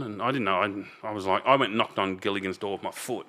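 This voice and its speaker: Casting note: Australian man, 50s, low voice, rambling podcast guest with blunt swearing. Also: a little fast, bright, forceful tone. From Melbourne, Australia. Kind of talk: casual storytelling.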